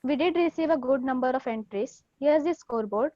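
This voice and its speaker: A woman's voice: sits high, brisk, mellow, no room sound. A young woman hosting a college event, making upbeat, formal scripted announcements. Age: young adult. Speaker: event host. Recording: dull lo-fi dry audio.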